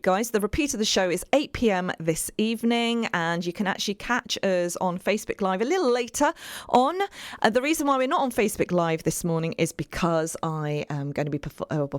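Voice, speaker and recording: A woman's voice: medium pitch, dry recording, studio quality. A woman hosting a community radio show, chatting in an upbeat, rambling way with many fillers. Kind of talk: casual radio chat.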